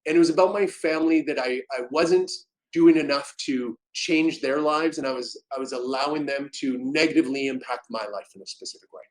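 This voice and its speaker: A man's voice: fairly high pitch, fairly quick, few pauses, low-quality recording. Podcast guest, male, emotional storyteller, dramatic delivery with big swings in volume. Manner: animated, dramatic, swings loud and soft.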